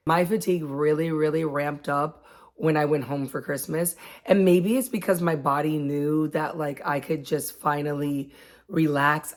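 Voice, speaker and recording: A woman in her late thirties talking casually about her own experiences, chatty and quick to laugh. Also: deep voice, a little mellow. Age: 30s. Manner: chatty, laughs often, acts out quotes. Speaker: vlogger. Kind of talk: casual chat.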